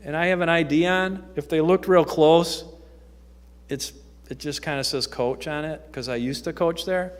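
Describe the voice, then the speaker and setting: Youth-ministry man at the pulpit, conversational and storytelling, slightly high voice, echoey sanctuary. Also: normal speed. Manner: conversational storytelling with frequent ums. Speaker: youth ministry worker speaking at church. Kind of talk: informal testimony talk from the pulpit. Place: church sanctuary. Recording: echoey church hall.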